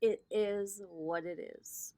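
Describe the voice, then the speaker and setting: A woman's voice: medium pitch, steady tone, slow pace, mellow. A woman hosting a casual astrology vlog, giving a brash, profane pep talk and calling her viewers honey and baby. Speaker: spiritual reader and vlog host.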